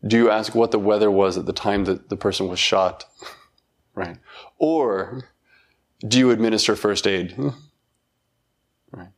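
A middle-aged man giving a reflective talk, thoughtful and halting, with self-deprecating laughs. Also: lowish voice. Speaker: dharma talk speaker.

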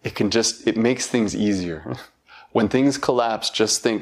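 Thoughtful middle-aged man giving a reflective talk. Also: lowish voice. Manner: thoughtful, halting, with self-deprecating laughs. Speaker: dharma talk speaker.

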